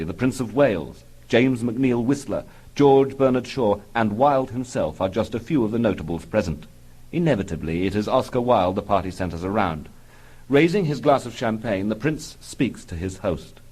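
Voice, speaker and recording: A man reading his own comic book aloud in a dry, deadpan manner. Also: fairly low pitch, breathy edge, low-quality recording. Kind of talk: audiobook narration.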